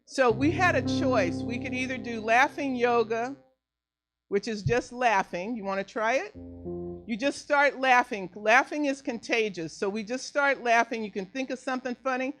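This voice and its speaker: A middle-aged woman minister giving a playful sermon, slow and deliberate, laughing easily as she leads the group. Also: a little high, fairly bright tone. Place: church sanctuary. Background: faint piano.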